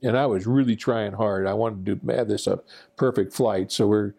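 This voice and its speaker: A man's voice: on the low side, fairly even intonation, moderate pace, vocal fry, a little mellow. An older man, a former military pilot, telling a rambling, self-deprecating personal anecdote with fillers and restarts. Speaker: veteran pilot recounting war memories.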